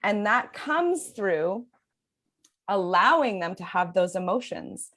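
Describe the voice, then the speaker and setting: Earnest woman coach, mid-pitched. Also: expressive, slow, fairly bright tone. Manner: earnest, flowing, laughs often. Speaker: parenting sleep coach guest. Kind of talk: podcast conversation.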